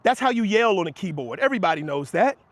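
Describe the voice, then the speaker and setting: High-voiced man arguing with his livestream chat. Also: big pitch swings, quick pace, a bit bright, dry recording. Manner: emphatic, argumentative, rising in pitch when making points; addresses chatters by name, laughs them off. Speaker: livestream host answering chat. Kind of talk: heated livestream talk to chat. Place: outdoors near passersby.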